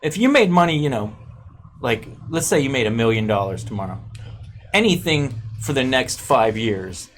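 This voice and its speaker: A man's voice: mid-range voice, moderate pace, slight background noise. A man chatting casually as a guest, joking and telling stories. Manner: animated, jokey storyteller. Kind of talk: casual chat.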